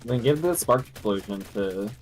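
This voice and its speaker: A man's voice: fairly low pitch, expressive, moderate pace, a little mellow, soft background music. A man chatting offhandedly with teammates during a co-op game stream. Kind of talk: casual gameplay chat.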